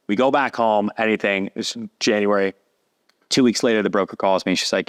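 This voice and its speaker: A man, a podcast guest telling a long story in a lively casual way and acting out what others said. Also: fairly low pitch, a little fast. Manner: animated, acts out quoted voices.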